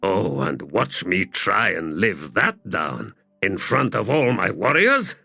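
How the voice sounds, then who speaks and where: A gruff, weary warlord from a fantasy audiobook, played by a male narrator. He speaks slowly and sardonically, with a bright, lively tone slightly above the narrator's own pitch. The sound is dry and close, with faint music underneath. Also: no room sound, heavily acted. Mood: sardonic.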